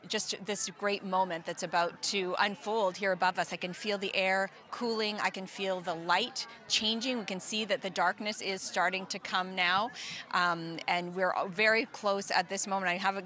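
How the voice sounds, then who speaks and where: A woman field reporter giving a live report, hushed with anticipation. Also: medium pitch.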